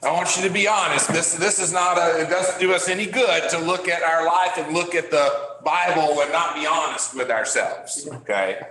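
A man leading a Bible class discussion, halting and repeating words as he asks the class questions. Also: fairly high pitch, pushed and bright. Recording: echoey room.

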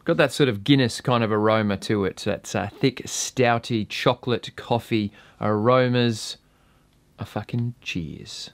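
A man's voice: on the low side, measured pace, no room sound. An Australian man casually reviewing gear and beer on his own channel, laid-back and swearing freely.

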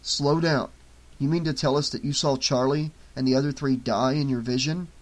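A man reading an audiobook, voicing a sheepish young man who speaks in a measured way. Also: mid-range voice, steady tone, lightly acted.

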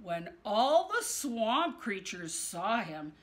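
A woman's voice: fairly high pitch, very animated, slow pace, bright, forceful tone. A woman from Canada reading a picture book aloud in turns, amused and laughing. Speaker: storyteller.

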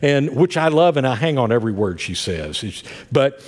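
An older man delivering a sermon, his pitch lively and rising and falling as he tells homespun family stories. His voice rings through the sanctuary with a long, lingering reverb. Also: moderate pace. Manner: folksy storytelling with many asides. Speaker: pastor. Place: church sanctuary.

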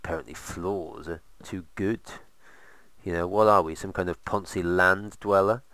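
Dude chatting over his let's play, deep voice, kinda raspy fry, dry close sound, rambles and jokes. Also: steady tone, normal speed, fairly bright tone, no room sound. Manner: rambling, sarcastic asides. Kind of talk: casual gameplay commentary.

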